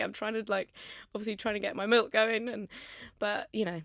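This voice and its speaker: A woman's voice: medium pitch, level tone, a little fast, vocal fry, a bit bright, no echo. A young woman, a podcast guest, talking candidly and chattily into a studio mic, with lots of "like" in her speech. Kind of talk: casual chat. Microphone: studio microphone.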